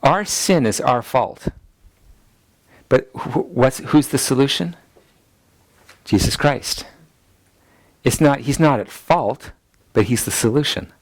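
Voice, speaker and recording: A man's voice: mid-range voice, animated, slow, pauses often, no echo. A man teaching a ministry school class, repeating key points so listeners can note them down. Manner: acts out people's anxious inner voices in quotes. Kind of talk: teaching lecture.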